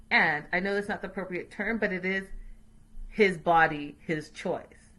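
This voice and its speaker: A woman hosting a casual, chatty recap show, opinionated and quick to laugh. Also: lowish voice, bright, forceful tone. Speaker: host.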